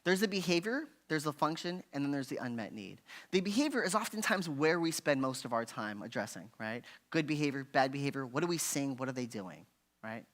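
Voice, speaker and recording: A man's voice: medium pitch, big pitch swings, a little fast. A man giving a parenting workshop in a conversational teaching style, often checking in with "right?" and briefly acting out frustrated parents. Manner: conversational, constantly asking "right?"; acts out frustrated parents in a raised voice. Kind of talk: parent education talk. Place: church hall.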